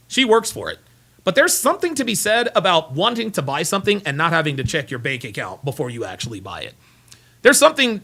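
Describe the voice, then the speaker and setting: Lively bright-voiced man hosting a livestream. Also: high voice, husky. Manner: rambling, repeats himself, talks while fumbling for files. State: tired, yawning. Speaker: livestream host reading super chats. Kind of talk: casual livestream chat.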